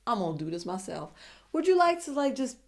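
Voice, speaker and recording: A woman's voice: a little high, sing-song, brisk, pitched above the performer's own voice. A woman playing a confident young woman who asks a man on a casual date. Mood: bold.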